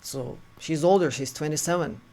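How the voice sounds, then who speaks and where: A man telling a personal story in an earnest, halting way, often restarting his sentences. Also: a little high, mellow. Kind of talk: personal story told to camera.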